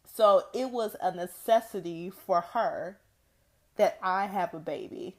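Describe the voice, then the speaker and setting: Slow-talking young woman podcast host. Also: fairly low pitch. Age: young adult. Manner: chatty storytelling with frequent laughs and "like" fillers. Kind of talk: casual solo podcast monologue.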